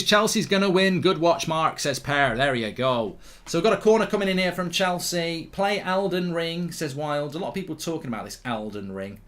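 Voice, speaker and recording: A man hosts a live football watchalong in a fairly high voice. His talk is loose and chatty, and he circles back to the same point again and again. Between plays he reads viewer comments aloud. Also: fairly bright tone. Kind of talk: casual live match commentary and chat.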